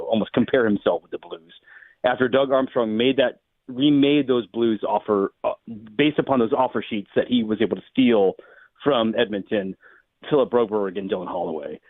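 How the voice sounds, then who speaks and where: A man's voice: mid-range voice, brisk, no echo. Man on a tinny phone-like line. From St. Louis. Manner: musing, hedging analysis. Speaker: sports radio host. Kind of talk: sports talk radio commentary.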